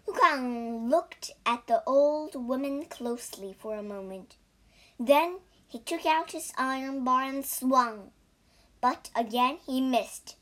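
A woman teacher narrating a story slowly and carefully for language learners and spelling out words. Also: sits high, a bit bright. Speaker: English teacher and story reader.

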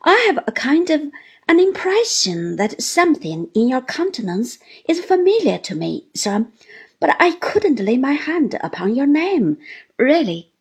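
A woman voicing a mild, meek elderly little man, a country doctor, who speaks slowly, with deference and apology. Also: high-pitched, sing-song, breathy edge, exaggerated voice. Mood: meek, deferential.

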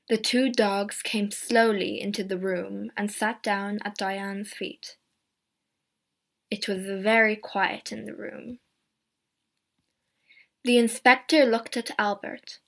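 A woman narrating a simple story in a clear, deliberate reading voice. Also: medium pitch, steady tone, a bit bright. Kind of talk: scripted narration of a graded reader.

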